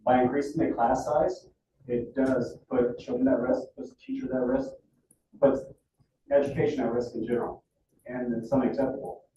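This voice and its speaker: An earnest, emotional father speaks at a public board meeting. His voice is mellow and dark, heard from a distance through a dull, lo-fi mic. The hall echoes heavily around him. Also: medium pitch, fairly even intonation, normal speed, a little hiss or hum. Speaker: parent speaking at public comment. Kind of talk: public comment.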